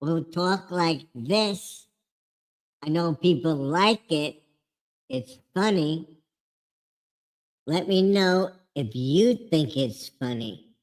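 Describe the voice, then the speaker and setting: A man putting on a jokey Long Island character with a drawling, mock-serious delivery. The voice sits noticeably higher than his own and moves at a slow, unhurried pace. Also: lively intonation. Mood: joking.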